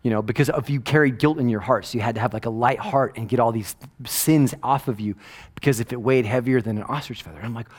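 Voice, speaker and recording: A middle-aged pastor delivers a casual, conversational sermon in a medium-pitched voice, speaking fast. He's animated and rambling, often checking in with "right?" and dropping from loud emphasis to hushed asides.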